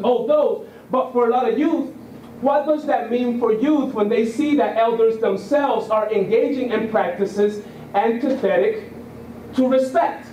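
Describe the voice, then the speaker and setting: Man, 30s, from Puerto Rico, high-ish voice, chatty speaker style; echoey room. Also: darkish tone, recorded from a distance, muffled recording, a little hiss or hum. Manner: conversational storyteller, keeps asking "right?". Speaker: guest speaker. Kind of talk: public talk. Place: lecture room.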